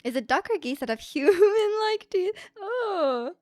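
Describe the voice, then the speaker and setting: A woman's voice: very high voice, lively intonation, a little slow, a little mellow, dry recording, studio quality. A young woman livestreaming from home, chatting in a rambling way and reading out viewer comments with light laughs.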